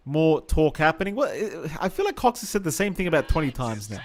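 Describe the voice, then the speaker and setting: A man's voice: a little high, very animated, a little fast. A man co-casting a live video game match in a playful, teasing way, bantering with his partner. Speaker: esports co-caster. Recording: music in the background.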